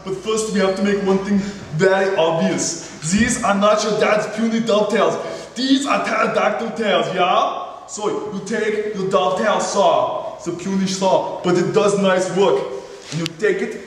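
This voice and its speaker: A man with a high voice teaches hand woodworking, with a teasing, mock-macho sense of humor. He talks through each step of the demonstration. His voice rings around a big echoey hall, with steady noise behind it. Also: a little slow. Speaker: woodworking instructor. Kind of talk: hands-on workshop demonstration. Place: workshop.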